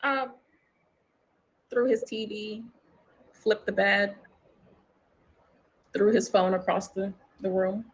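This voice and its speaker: Husky, gravelly woman telling a story. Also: medium pitch, slow, long pauses, muffled recording. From New York. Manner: animated, acts out quotes in a raised voice, swears freely. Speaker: interview guest. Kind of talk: candid storytelling in an interview.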